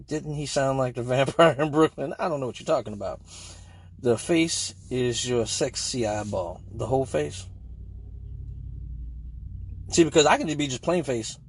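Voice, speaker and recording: A man's voice: medium pitch, normal speed, long pauses, slightly rough. Blunt, profane male live-stream host. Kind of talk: casual live-stream chat.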